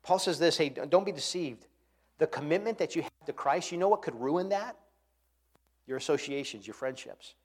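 A man preaching a sermon, swinging between quiet, earnest passages and loud, impassioned ones. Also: on the high side, normal speed, husky. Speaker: pastor.

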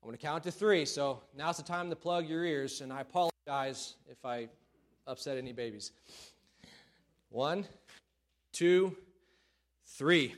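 A man preaching a sermon in a church, folksy and self-deprecating, then building to loud calls to the congregation. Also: on the high side, measured pace, long pauses. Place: church sanctuary.

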